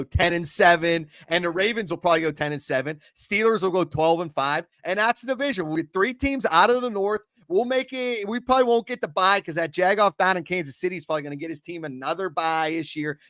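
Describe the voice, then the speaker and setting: A man putting on a loud, boastful Pittsburgh football fan with a Pittsburgh accent. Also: high voice, no room sound, studio quality. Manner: boastful, heated trash talk.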